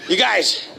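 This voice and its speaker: A man's voice: extremely high pitch, gravelly. A man sending a rowdy, laughing fan voice message to the show. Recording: noisy phone voice memo.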